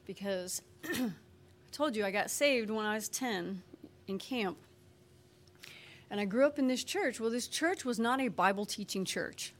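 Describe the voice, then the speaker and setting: A woman telling her faith story in a relaxed, conversational testimony. Her voice sits a touch higher than most, and her talk is loose and folksy, with plenty of "you know" and "like". She now and then springs into lively impressions of the people she quotes.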